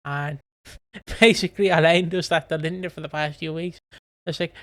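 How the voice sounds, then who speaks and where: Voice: medium pitch, steady tone, moderate pace, fairly bright tone. A co-host of a casual podcast, rambling through a recap with frequent swearing and laughter. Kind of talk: casual chat, recapping a soap.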